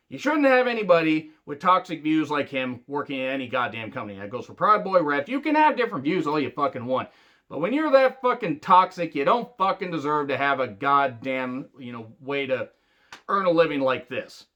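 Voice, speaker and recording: Profane, animated ranting man. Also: fairly high pitch, highs cut off. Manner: angry, sarcastic, heavy swearing. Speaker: wrestling reviewer. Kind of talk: profane rant review.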